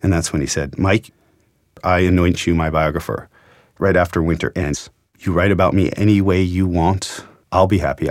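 A man's voice: deep voice, dry recording, studio quality. A man, a journalist, earnestly retelling an emotional story from his own experience, quoting the dialogue. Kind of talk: storytelling interview.

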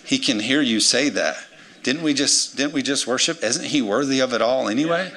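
Energetic preacher man in his forties. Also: medium pitch, moderate pace. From United States. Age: 40s. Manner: energetic, swings between loud emphasis and quiet asides. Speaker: pastor. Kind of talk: sermon.

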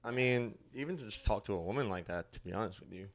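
A man co-hosting a podcast, relaxed in casual chat and keeping his comments brief. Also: lowish voice, fast talker. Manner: laid-back, brief reactions. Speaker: podcast co-host.

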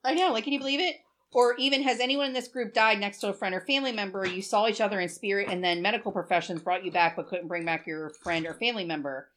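A woman's voice: mid-range voice, steady tone, quick pace, few pauses, a bit bright. A woman in her forties, co-hosting a podcast and telling a story in a chatty, emotional way, with plenty of swearing. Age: 40s. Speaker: podcast co-host. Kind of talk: casual chat.

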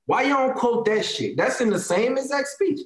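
A man's voice: very high voice, very animated, normal speed, reverberant, low-quality recording. A man in his thirties with an African American Vernacular English accent, ranting in casual talk; heated, profane and emphatic, repeating lines to drive his point home. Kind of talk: casual opinionated rant.

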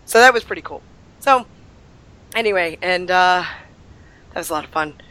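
A woman with a fairly low, sharp-toned voice and lively intonation chats casually at a moderate pace. She's still recovering from an illness and tells rambling travel stories packed with fillers.

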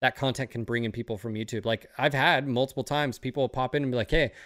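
A man in casual podcast talk, rambling and swearing freely as he gets worked up. His voice sits at an ordinary pitch. The recording is dry and close, with no room echo. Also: steady tone, fast, a bit bright. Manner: rambling, profane, fired up. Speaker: streamer and podcast host.

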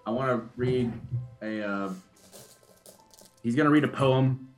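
A man's voice: medium pitch, measured pace, soft background music. A man playing a character in a tabletop game, describing his moves hesitantly with many fillers. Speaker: player.

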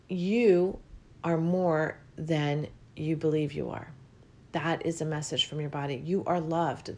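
A woman's voice: fairly low pitch, a little mellow. A woman giving a reflective spiritual talk about listening to the body, earnest and repetitive, her voice rising with feeling and at times close to tears.

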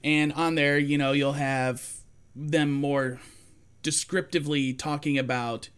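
A man's voice: fairly high pitch, steady tone, a little slow, fairly bright tone, smooth. A man in his forties co-hosting a casual chat, rambling through a story with plenty of fillers and restarts. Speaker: podcast co-host.

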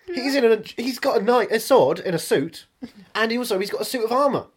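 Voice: medium pitch, expressive, fairly quick, slightly rough. A podcast co-host in casual banter, jokey, laughing often and breaking into silly voices.

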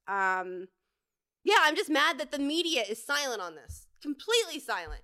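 A woman's voice: high voice, very animated, moderate pace, pushed and bright. A woman hosting her own podcast, delivering an angry, profane, rambling solo rant. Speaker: podcast host. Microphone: home podcast setup.

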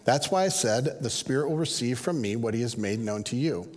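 Middle-aged male pastor, earnest and conversational, mid-pitched, preaching in a reverberant church hall. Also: animated, fairly quick, darkish tone. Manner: conversational, earnest, acts out quoted voices. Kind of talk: sermon.

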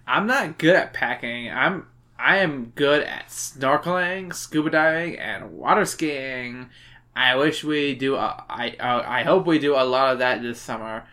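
A man's voice: medium pitch, unhurried, bright, forceful tone. A drunk man voicing a spoiled preteen girl reading her snooty letter aloud, slurring his words with a lisp. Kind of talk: comic book reading.

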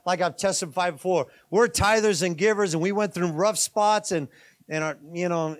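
A man's voice: sits high, fairly bright tone. A middle-aged man preaching a sermon, conversational, with emphatic bursts and asides. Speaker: pastor.

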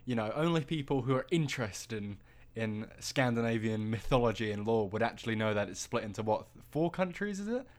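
A man's voice: medium pitch, lively intonation, fairly quick, few pauses. Young man rambling in podcast chat. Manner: rambling, teasing, many fillers and restarts. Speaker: podcast co-host.

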